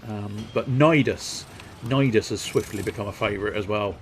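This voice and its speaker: A man's voice: on the low side, normal speed, slight background noise. A man streaming a video game, rambling casually with jokes and a self-deprecating streak. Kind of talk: casual gameplay commentary.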